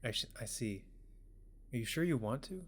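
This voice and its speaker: A man doing a soft-spoken tender father. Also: mid-range voice, expressive, normal speed, a little hiss or hum, lightly acted. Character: gentle, tired father of a young woman.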